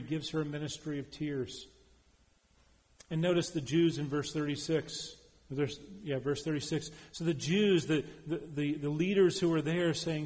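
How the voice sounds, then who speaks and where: A man preaching in a large hall, his voice carrying a long reverb tail. His pitch sits a little high for a man. He swings between loud, emphatic lines and quiet, hushed ones. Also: normal speed. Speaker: preacher and professor. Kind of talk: sermon.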